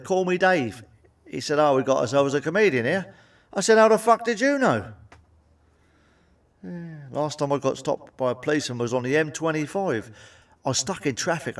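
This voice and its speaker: Middle-aged man, stand-up comic, crude and sweary, deadpan delivery, slightly raised voice, a bit off-mic. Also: fairly high pitch, recorded from a distance. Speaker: stand-up comedian. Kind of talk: stand-up comedy routine.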